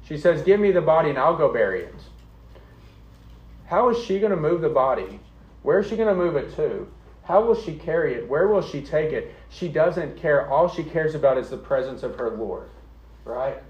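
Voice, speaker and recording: A man's voice: fairly high pitch, expressive, moderate pace, a little mellow, lo-fi sound. A man preaching an earnest, conversational sermon, often checking in with the congregation. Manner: earnest, conversational preaching with frequent "okay?" and "right?". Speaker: pastor.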